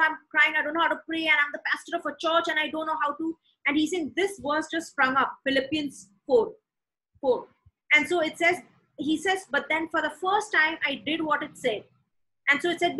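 A woman's voice: high voice, sharp tone, poor audio. A woman preaching a sermon, emphatic and repeating words for stress.

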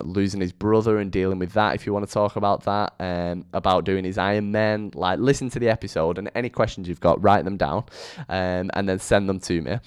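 A man's voice: on the low side, clean tone, no room sound, studio quality. Chatty man hosting a podcast. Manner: chatty, rambling, lively intonation. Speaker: podcast host. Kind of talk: casual solo podcast monologue. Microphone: studio microphone.

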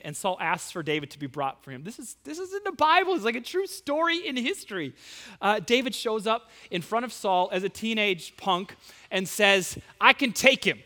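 A male preacher retelling a story in an animated, casual sermon full of slang asides. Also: high-pitched. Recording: long hall reverb.

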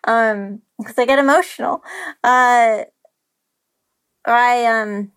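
A woman's voice: fairly high pitch, fairly even intonation, slow pace, fairly bright tone, clean tone. A woman talking candidly as a podcast guest, open and emotional, rambling with restarts and the odd curse. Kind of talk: candid casual chat.

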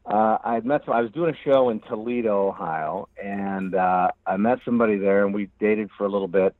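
A man's voice: lowish voice, a little fast, no room sound. A man, a comedian calling in as a guest, chatting casually with a wry, joking, laid-back manner over a remote line. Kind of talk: casual call-in chat. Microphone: phone or remote call. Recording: dull, dry lo-fi call audio.

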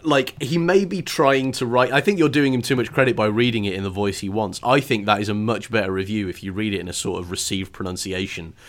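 A man's voice: fairly low pitch, brisk, few pauses. A man co-hosting a casual book podcast, chatty and enthusiastic, with a self-deprecating streak. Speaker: podcast co-host.

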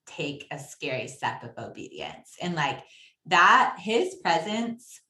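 Woman, lower pitch, enthusiastic and encouraging, roomy echoey recording. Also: huge pitch swings, takes it slowly. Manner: warm, enthusiastic encouragement with filler words. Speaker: podcast guest. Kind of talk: casual faith conversation. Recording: roomy echo.

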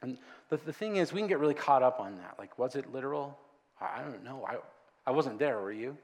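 A man's voice: mid-range voice, expressive, a little fast, a little mellow, big-room sound. A man preaching a conversational sermon as a pastor, with joking asides.

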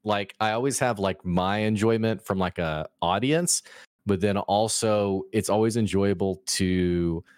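A young man with a low voice chats eagerly on his podcast, tripping over his words as he talks. The sound is dry and close, with no room around him. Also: unhurried, clean tone, no echo. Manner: excitable, stammering chat. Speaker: podcast co-host. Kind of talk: casual discussion.

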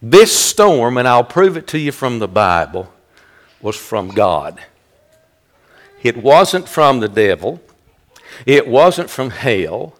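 A man pastor preaching a sermon, rising loud and high when he quotes a rebuke. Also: very animated, slow, long pauses.

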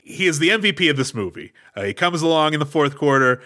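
A man's voice: a little high, sing-song, fast, sharp tone. A man co-hosting a casual movie podcast, playful and jokey, asking questions and laughing often. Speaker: podcast co-host.

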